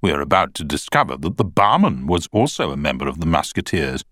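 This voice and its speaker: A man's voice: a bass voice, very animated, brisk, fairly bright tone, dry recording, studio quality, heavily acted. A man voicing a pompous, indignant barrister. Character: pompous older male prosecuting barrister.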